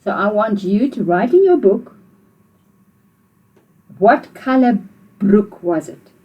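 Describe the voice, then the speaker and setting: A woman's voice: medium pitch, expressive, slow, highs cut off. A woman with a South African accent teaching a video language lesson to children, patiently repeating phrases for learners to say back.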